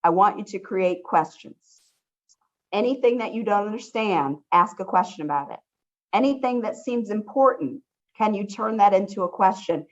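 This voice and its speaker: A woman's voice: medium pitch, animated, moderate pace. A woman instructor leading an online study workshop, upbeat and encouraging, often saying how much she loves her students' questions. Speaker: college instructor. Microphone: video call. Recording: dull lo-fi video call audio.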